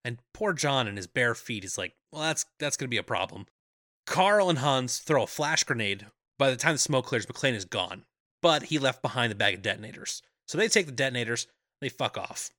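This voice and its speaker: A man's voice: medium pitch, expressive, a little fast, sharp tone, dry recording, clean studio sound. A man co-hosting a podcast, chatting casually as he recaps a film, laughing often and acting out the characters' lines. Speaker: podcast co-host.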